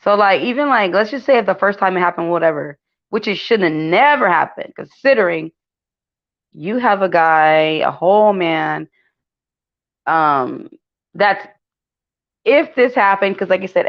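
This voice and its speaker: A woman's voice: on the low side, lively intonation, a little slow. A woman hosting a casual celebrity gossip commentary, chatty and full of fillers, talking to her viewers as y'all. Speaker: gossip channel host. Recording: dull lo-fi sound.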